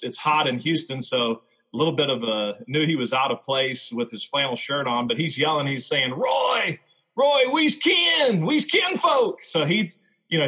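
A man, a former baseball player, telling his faith testimony as a podcast guest in a reflective, halting way. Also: mid-range voice, bright, forceful tone, breathy edge, low-quality recording.

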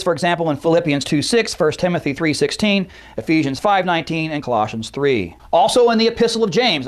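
A man teaching a lecture on early Christian belief, explaining points step by step and stressing key words while citing verses. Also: high voice. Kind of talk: apologetics lecture.

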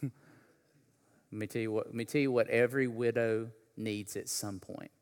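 A man preaching a sermon, talking casually with slang, then building to a loud, impassioned delivery. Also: medium pitch, steady tone, normal speed, clear, resonant tone, big-room sound. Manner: builds from conversational to shouting preacher intensity. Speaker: pastor.

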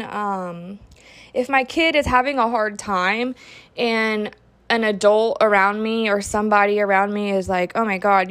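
A young adult woman hosting a solo podcast, talking candidly and reflectively, with casual fillers and the odd swear word. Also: a little high. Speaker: podcast host.

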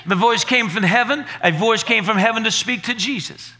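A pastor preaching a sermon in a high, very bright voice. He drives his points home with rhythmic repetition and climbs to shouted declarations. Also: moderate pace, a faint crowd.

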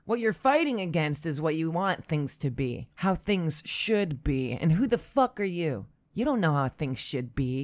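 A low-pitched woman with a Buffalo accent rambles through a solo podcast monologue, swearing freely and sounding wry. Her voice sits deep for a woman. The recording is dry and close, with no room echo. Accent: Buffalo, New York. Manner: profane, sardonic, rambling. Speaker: podcast host.

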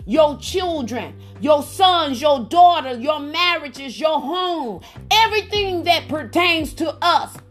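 High-pitched lady preacher on a prayer call, slow and fired up, soft music under her. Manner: fervent, exclaims "oh my God", repeats phrases for emphasis; calls on listeners by name for responses. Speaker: minister leading a prayer line. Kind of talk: preaching sermon. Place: phone prayer line.

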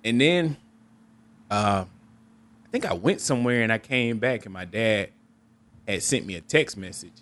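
A young man with a low-pitched voice tells a personal story on his podcast in a candid, reflective way. He often repeats and restarts his words. He jumps up in pitch to act out his relatives. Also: animated, a little slow, long pauses, fairly bright tone. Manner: candid, reflective, acts out quoted family members with raised pitch. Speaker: podcast host.

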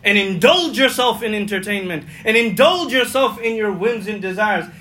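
A male imam giving a Friday sermon, passionate, swinging between loud emphatic lines and hushed low ones, repeating key phrases. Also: animated, moderate pace, a little hiss or hum, poor audio.

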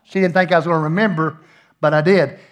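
Middle-aged pastor, high voice, folksy sermon with jokes. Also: male voice, fairly even intonation, fast, dull audio, slight background noise. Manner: folksy, joking storyteller with playful asides.

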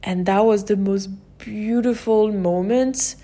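A woman's voice: mid-range voice, fairly even intonation, takes it slowly, mellow. A woman hosting a podcast, telling a personal story in an open, emotional way and often saying "like" and "you know". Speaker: podcast host.

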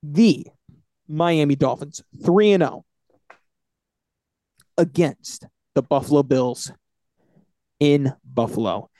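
Animated man hyping football picks. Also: on the high side, slow, pauses often, no echo. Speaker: podcast co-host. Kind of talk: casual sports picks chat.

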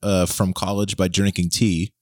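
A man's voice: low-pitched, level tone, normal speed, dry recording, studio quality. A young man hosting a casual podcast chat, joking and laughing often. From Texas. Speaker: podcast host.

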